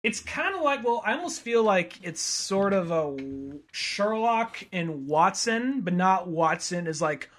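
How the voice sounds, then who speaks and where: A man's voice: sits high, expressive, a little slow, few pauses, a bit bright. A man co-hosting a podcast in casual chat, joking and putting on silly voices for the characters. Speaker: podcast co-host.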